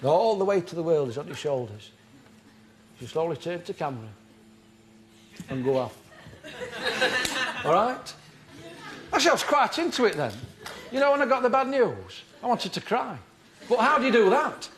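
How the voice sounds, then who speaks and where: An actor playing an earnest, fussy middle-aged amateur acting tutor, delivered deadpan and pedantic on a live TV comedy show. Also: male voice, high voice, normal speed, long pauses, noisy background. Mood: earnest instructing. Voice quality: deadpan, pedantic, self-important. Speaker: comedy character performer. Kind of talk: live stand-up character comedy. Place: television studio before a live audience. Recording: live TV studio with audience laughter.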